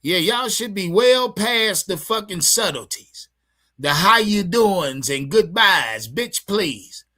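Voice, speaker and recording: A man streaming to his chat, ranting hard about his football team. His voice swings widely in pitch, and his tone is bright and forceful. He swears freely and circles back over the same points. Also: very animated, takes it slowly. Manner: heated, swearing, repetitive, talks to chat. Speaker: sports fan streamer. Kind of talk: profane livestream sports rant.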